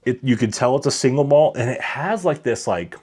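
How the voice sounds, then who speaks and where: A man's voice: medium pitch, animated, brisk, darkish tone, breathy edge. A man hosting a casual whiskey livestream, chatting with viewers and reading their comments aloud. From Colorado.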